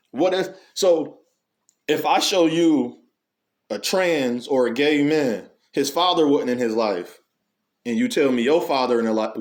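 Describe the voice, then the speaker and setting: A man, delivering an unscripted monologue in a preachy way, full of rhetorical questions and animated storytelling. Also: mid-range voice. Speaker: commentary channel host.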